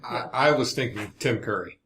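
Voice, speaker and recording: A man's voice: mid-range voice, moderate pace, fairly bright tone, slight background noise. A man playing in a tabletop game, chatting enthusiastically with stammering starts. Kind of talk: casual podcast chat. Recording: echoey room.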